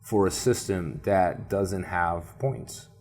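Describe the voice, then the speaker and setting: A man with a low, husky voice, co-hosting a podcast in a loose, rambling chat. He talks in an animated way and keeps dropping fillers. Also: takes it slowly. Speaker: podcast co-host. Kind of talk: casual chat.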